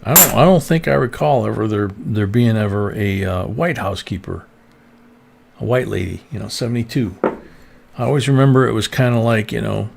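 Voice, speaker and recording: A man's voice: fairly low pitch, a little fast, vocal fry, background noise. A man hosting a coin live stream, chatting casually in a rambling way, with lots of fillers and restarts. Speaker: host of a coin roll hunting live stream.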